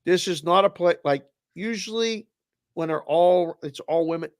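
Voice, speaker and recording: A man with a Boston accent co-hosting a casual sports show, telling an animated story over a video call and acting out both sides of the conversation. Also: high voice, moderate pace, smooth, no room sound, clean studio sound. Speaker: co-host of a sports betting show. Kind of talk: casual chat.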